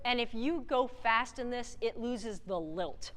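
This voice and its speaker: A woman conducting a band rehearsal, energetic, singing rhythms aloud and counting off the players. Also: on the high side, moderate pace, few pauses, soft background music. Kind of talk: rehearsal coaching. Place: large theatre with a band. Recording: live hall reverb with band playing.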